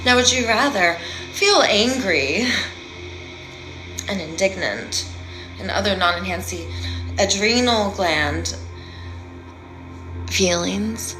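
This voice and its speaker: A woman who calls herself a healer, giving a rambling, playful and dramatic live-stream monologue that swings between loud and hushed. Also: mid-range voice, lively intonation, slow, long pauses, music in the background, rough recording.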